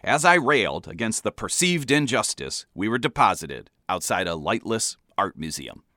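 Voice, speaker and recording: A man reading his own comic memoir aloud in a wry, deadpan storytelling manner. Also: on the low side, normal speed, no room sound, studio quality.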